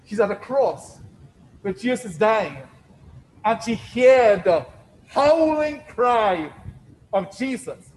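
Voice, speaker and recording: A man preaching a sermon, emphatic and deliberate, repeating phrases for stress and swinging between loud declarations and hushed asides. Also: sits high, expressive, rough recording.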